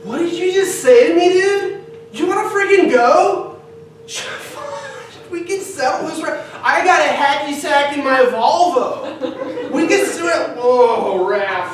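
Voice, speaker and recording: A man playing an aggressive young hacky sack bro who keeps trying to calm himself down. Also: extremely high pitch, takes it slowly, pauses often, slight background noise, voice pushed up. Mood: self-soothing. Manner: aggressive, then talking himself down. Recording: echoey stage from far off.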